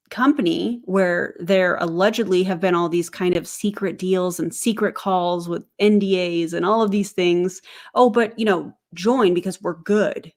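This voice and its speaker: A woman with a fairly low voice reacts to video clips in a sarcastic, chatty way, breaking in with quick laughs and teasing remarks. She talks as if to her viewers at home. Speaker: commentary host. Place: home, family heard in the background.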